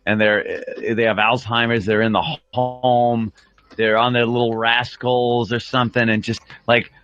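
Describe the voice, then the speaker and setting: A man's voice: medium pitch, little pitch movement, a little slow, a bit bright, clear, resonant tone. Crude rambling radio host, man. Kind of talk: crude studio banter. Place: radio studio. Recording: dull lo-fi broadcast audio.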